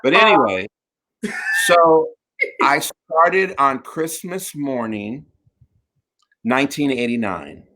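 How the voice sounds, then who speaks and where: A man's voice: mid-range voice, expressive, slow, pauses often, sharp tone. A middle-aged man hosting a talk show, telling a campy, laughing story in casual chat.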